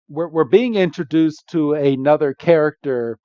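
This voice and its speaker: A man's voice: fairly high pitch, normal speed, a little mellow, no room sound. A man co-hosting a podcast, recapping a film in casual, chatty talk and laughing often. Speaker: podcast co-host. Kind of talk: casual movie recap chat. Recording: dull lo-fi podcast audio.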